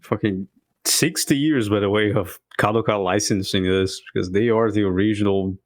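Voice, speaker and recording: A man co-hosting a casual podcast, explaining background facts in a relaxed way, chuckling and tripping over words now and then. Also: lowish voice, moderate pace, no echo. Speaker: podcast co-host.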